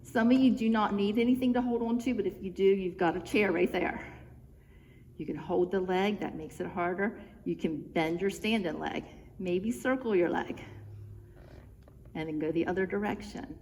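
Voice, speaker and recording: Indoors in a church room, a woman fitness instructor chats her way through simple home exercises, cueing each move step by step and sounding a bit out of breath as she does them alongside viewers. Her mid-range voice is a little mellow, her pace moderate and her tone encouraging. The room is reverberant, with faint background noise.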